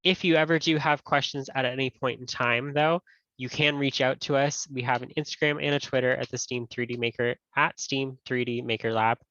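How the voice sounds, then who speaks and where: Bright-voiced man presenting on a video call. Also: medium pitch, steady tone, normal speed, no room sound. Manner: casual, friendly, self-correcting. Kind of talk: webinar presentation and Q&A. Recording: dull dry audio.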